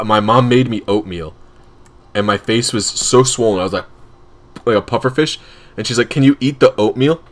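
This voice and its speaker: A man casually telling rambling, laughing anecdotes while streaming a game. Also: lowish voice. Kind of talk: casual storytelling on a live stream.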